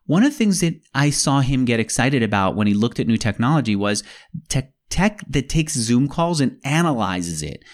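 A man's voice: medium pitch, sing-song, normal speed. A man speaking as an interview guest, explaining his ideas in an emphatic, conversational way.

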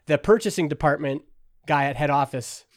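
Lively founder telling stories, dry sound. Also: male voice, a little high, moderate pace, dry recording. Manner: animated, acts out the people in his stories. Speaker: software company founder, guest. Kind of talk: casual interview storytelling.

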